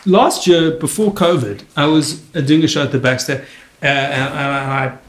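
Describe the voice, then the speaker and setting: Animated storytelling man in a roomy space. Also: normal speed. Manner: animated storyteller, jumps high when quoting people. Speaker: comedian telling stories. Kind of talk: casual chat.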